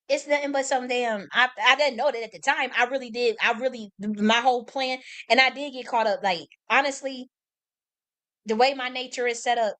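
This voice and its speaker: A woman's voice: fairly high pitch, a bit bright. An American woman hosting a livestream, talking off the cuff in a blunt, profane, impassioned way, rambling and restarting her sentences. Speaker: livestream host. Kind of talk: unscripted livestream monologue.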